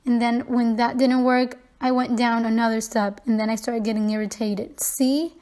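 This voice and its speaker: A woman's voice: on the high side, level tone, normal speed, darkish tone. A young woman vlogging, candidly retelling a personal story in a conversational way with frequent fillers and restarts.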